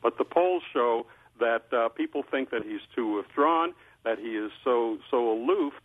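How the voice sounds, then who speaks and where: Older man, husky, over a phone line. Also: mid-range voice. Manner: measured, many filler uhs and restarts. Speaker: political columnist guest. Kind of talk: phone-in interview commentary.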